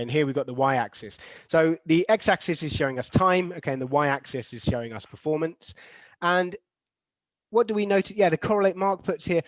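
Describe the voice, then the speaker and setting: With a medium-pitched voice and no echo, a man conducts an online session for teachers. He reads chat replies, poses questions to the class, and pronounces example sentences to highlight word stress, modeling stress patterns aloud amid plenty of fillers and restarts.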